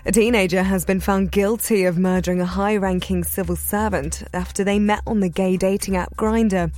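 A woman's voice: mid-range voice, fairly even intonation, normal speed, a little mellow, dry recording. A woman reading a radio news bulletin, then bantering and laughing with her co-host. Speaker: newsreader.

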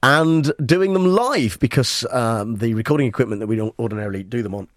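A man hosting a comic radio talk show, speaking in a dry, halting way with many fillers. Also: medium pitch, animated, no echo.

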